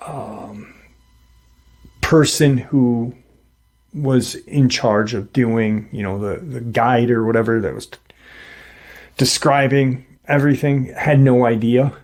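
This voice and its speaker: A man retelling a paranormal encounter story in a halting, conversational way, full of pauses and restarts. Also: medium pitch, a little mellow. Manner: halting, many fillers and restarts; conversational, quotes others in plain voice.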